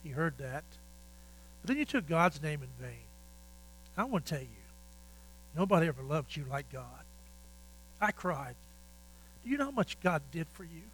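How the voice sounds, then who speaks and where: An older man, a pastor, telling folksy stories in a sermon with animated, repetitive phrasing. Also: a little high, moderate pace, pauses often, slight background noise, rough recording. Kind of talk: sermon storytelling.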